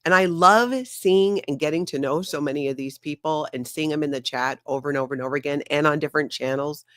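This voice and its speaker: A woman in casual livestream chat, excitable and animated, with a projecting voice trained in radio, speaking from her home office on a desk mic. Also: low-pitched, quick pace, no echo, studio quality. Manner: excitable, animated, laughs often. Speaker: guest co-host.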